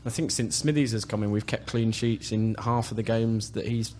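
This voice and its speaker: A man giving his views as a panelist on a football podcast, measured and opinionated, often restarting his phrases. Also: fairly low pitch, fairly even intonation, a little mellow, a little hiss or hum. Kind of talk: casual football podcast discussion.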